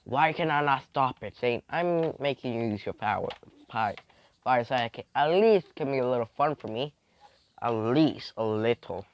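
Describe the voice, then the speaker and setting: A young man making up a fan story as he goes, rambling and halting, slipping into quick voices for the characters. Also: mid-range voice, animated, darkish tone, muffled recording. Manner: rambling, halting, with many restarts and fillers. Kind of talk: improvised fan-fiction storytelling.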